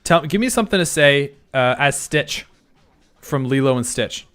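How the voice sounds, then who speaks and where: A young male streamer chats casually with his viewers and pokes fun at himself. His pitch moves around a lot as he rambles through restarted sentences. Faint music plays underneath. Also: expressive, moderate pace, a bit bright, clean tone. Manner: self-deprecating, rambling restarts. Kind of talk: casual livestream chat.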